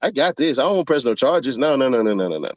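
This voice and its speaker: A man's voice: mid-range voice, very animated, fast, no room sound, highs cut off. A man in a casual, profane commentary rant, mocking his audience with rhetorical questions. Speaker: commentary vlogger.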